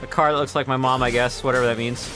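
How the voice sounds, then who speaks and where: A man streaming a game while telling a long, rambling story in casual chat, with quick asides to his viewers. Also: mid-range voice, fairly even intonation. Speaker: gaming streamer. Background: faint game music.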